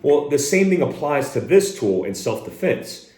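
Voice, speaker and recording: A man's voice: fairly high pitch, very animated, moderate pace, darkish tone. A man teaching a hands-on shooting lesson as a firearms instructor, speaking directly and plainly and barking short drill commands. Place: indoor room with a door. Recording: roomy echo.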